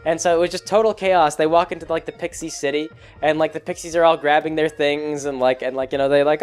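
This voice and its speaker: A man's voice: a little high, fairly even intonation, a little fast, few pauses, clean tone. A man casually recounting a tabletop campaign he ran as game master, rambling with many fillers. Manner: rambling, full of fillers and restarts. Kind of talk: casual chat.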